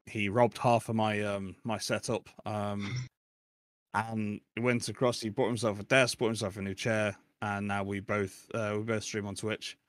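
A man's voice: fairly low pitch, little pitch movement, normal speed, no echo, clean studio sound. A middle-aged man speaking as a podcast guest in a rambling, self-deprecating chat, laughing often. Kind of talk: casual chat.

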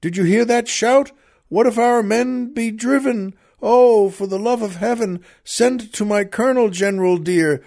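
A man reciting a poem, voicing a wounded young drummer boy who pleads in a shrill, urgent cry. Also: unhurried, vocal fry, a little mellow. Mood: pleading.

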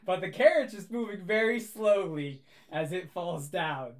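A young adult game master narrates a tabletop game among friends, casual and amused with lots of little fillers. The voice is mid-pitched, expressive and unhurried.

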